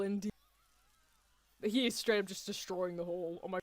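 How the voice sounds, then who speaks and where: Woman, reaction streamer, excitable, lots of laughter, loud outbursts and soft murmurs, dry close sound, medium pitch. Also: measured pace, long pauses, no room sound. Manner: gushing and excitable, laughing, drifting between loud cries and hushed near-whispers. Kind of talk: excited live reaction commentary. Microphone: headphones on while streaming.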